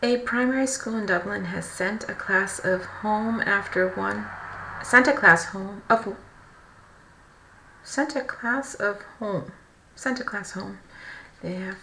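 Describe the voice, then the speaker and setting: Woman with a gravelly fry, roomy sound. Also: mid-range voice, pushed and bright. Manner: reads haltingly, stumbling and correcting herself. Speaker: streamer reading news aloud. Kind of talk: casual live-stream chat and reading aloud. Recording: roomy echo, faint background noise.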